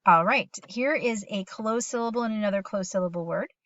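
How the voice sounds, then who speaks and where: A middle-aged woman teaching a phonics lesson to young children at home, patient and encouraging, reading sentences slowly aloud with them. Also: mid-range voice, fairly bright tone, dry recording, muffled recording.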